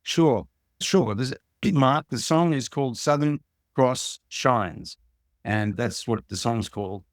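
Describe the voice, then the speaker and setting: A man's voice: mid-range voice, slow pace, no echo, clean studio sound. An older Australian man, a musician guest, talking in a rambling, plain-spoken way in a casual interview.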